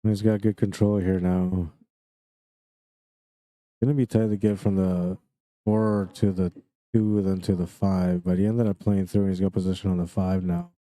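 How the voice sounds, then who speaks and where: Low, flat-voiced Canadian pool commentator. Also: male voice, moderate pace, pauses often, no echo. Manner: relaxed, chatty, greets viewers by name. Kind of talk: live sports commentary.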